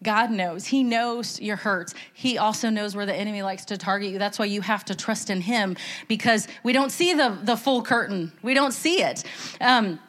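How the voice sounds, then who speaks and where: A woman's voice: mid-range voice, moderate pace, fairly bright tone. A woman giving an informal, earnest church talk, chatty and full of fillers and restarts. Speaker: church speaker.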